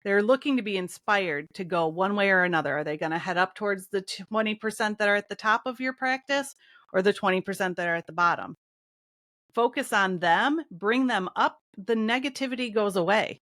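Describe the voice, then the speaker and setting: A woman's voice: mid-range voice, a little fast, fairly bright tone, no room sound, studio quality. A woman co-hosting a casual business podcast, speaking in an upbeat, motivational way. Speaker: podcast co-host, business development VP.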